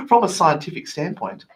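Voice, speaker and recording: A woman co-hosting a podcast, reading out a comedic lecture with jokes and frequent laughter. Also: a little high. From Australia. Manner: jokey, laughing, self-interrupting. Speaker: podcast co-host. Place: studio.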